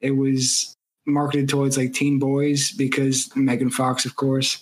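A man co-hosting a casual podcast chat, rambling and opinionated, with quick asides. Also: medium pitch, completely flat delivery. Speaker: podcast co-host.

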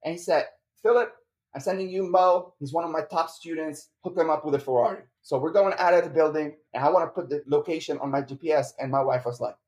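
A man from Lebanon, a guest entrepreneur, telling an animated story and acting out the voices of the people in it. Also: a little high, quick pace, hardly any pauses. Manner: acts out quoted voices, says bro often.

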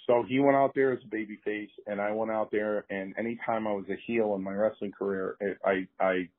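A low, husky man spins lively yarns, doubling back on his words and acting out what others said. His voice sounds thin and tinny, as if it comes over a phone line. He jumps between telling the story and playing the people in it. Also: fairly quick. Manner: animated, repeats himself, acts out quotes. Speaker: former pro wrestler. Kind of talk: storytelling in an interview.

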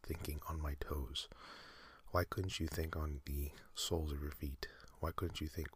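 A man hosting a sleep podcast, talking in a soft breathy whisper, slow and meandering with many fillers. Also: extremely low pitch, level tone, no echo. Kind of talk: rambling whispered sleep talk.

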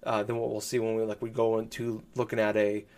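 A man's voice: fairly low pitch, flat delivery, fairly quick, darkish tone. A man chatting casually about video games on a podcast, rambling with lots of fillers and restarts. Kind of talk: casual gaming podcast chat.

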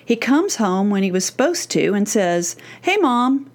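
A middle-aged woman hosting a podcast lesson as a parenting coach. She speaks at a mid pitch in an earnest, emphatic manner. She slows down to stress key phrases. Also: big pitch swings, darkish tone. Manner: earnest and emphatic, slowing down to act out quoted teens.

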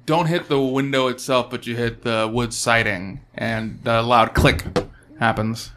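Here a man runs a tabletop game as game master, laying out scenes in a relaxed manner with fillers. He talks at a measured pace in a medium pitch, with background noise behind him.

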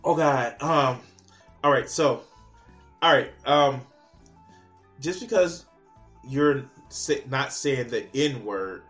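Male reaction commentator, bright forceful voice, sarcastic and profane, exasperated delivery. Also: mid-range voice, takes it slowly, pauses often, faint music behind. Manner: mocking, exasperated, swears a lot.

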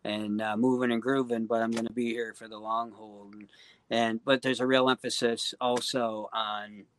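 A man guesting on a casual podcast interview, talking earnestly and warmly, with lots of "you know" and "um". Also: mid-range voice, level tone, moderate pace. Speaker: guest singer-songwriter.

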